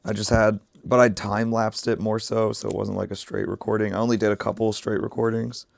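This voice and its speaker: Sick-sounding low gravelly man. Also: flat delivery, fairly quick, no room sound, studio quality. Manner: rambling, thinking aloud while working. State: sick, rough voice. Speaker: streamer. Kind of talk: casual livestream chat while crafting.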